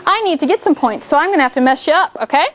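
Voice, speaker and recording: An upbeat woman teacher leading a phonics drill in a classroom, her voice pitched high and bright. She coaxes the children along playfully, with a faint hum of room noise behind her. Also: animated, racing. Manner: upbeat, coaxing, playful game framing.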